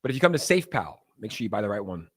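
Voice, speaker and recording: A man's voice: on the low side, big pitch swings, very fast, breathy edge. A young man hosting a casual crypto livestream. He rambles loosely, with lots of fillers, and reads chat messages aloud.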